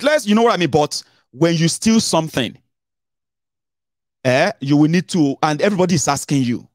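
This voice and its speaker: A middle-aged Nigerian man hosting a casual political commentary show, animated and mixing Pidgin into his English, with dramatic swings in pitch. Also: moderate pace, no echo, studio quality. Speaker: host.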